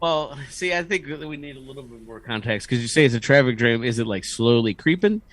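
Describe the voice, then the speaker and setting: A man co-hosting a podcast in casual chat, animated and fond of mimicking others. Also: mid-range voice, brisk. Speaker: podcast co-host.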